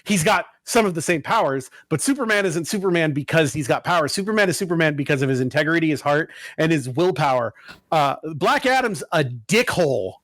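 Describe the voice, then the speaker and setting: A man co-hosting a casual gaming podcast, ranting with blunt profanity and quick asides into a close mic. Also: a little high, animated, fairly bright tone, no room sound. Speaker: podcast co-host.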